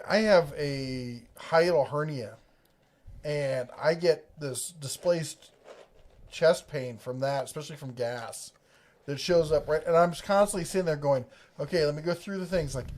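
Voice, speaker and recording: A man's voice: fairly high pitch, a little mellow. A middle-aged man from the Ohio and Kentucky area hosts a casual livestream, reading viewer comments in a rambling, jokey way that keeps breaking off mid-sentence. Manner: rambling, self-interrupting, jokey. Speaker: host of a tool livestream.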